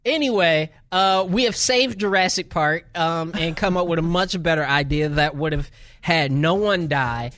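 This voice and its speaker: A man's voice: fairly high pitch, moderate pace, fairly bright tone, no echo. A man hosting a gaming podcast in casual chat, joking and rambling a little. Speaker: podcast host. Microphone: studio mic.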